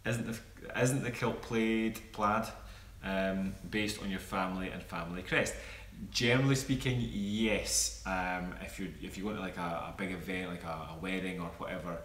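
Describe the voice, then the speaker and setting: A man's voice: deep voice, steady tone, moderate pace, few pauses, a bit bright. A man co-hosting a casual live Q&A chat, explaining things in a laid-back way. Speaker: co-host. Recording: echoey room with faint ambience.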